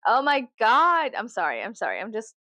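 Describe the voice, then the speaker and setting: A woman's voice: fairly high pitch, huge pitch swings, normal speed, bright, forceful tone, no room sound. A woman in her thirties from South Texas, rambling in a casual, profane, giggly monologue that swings to sarcastic mockery. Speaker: vlogger.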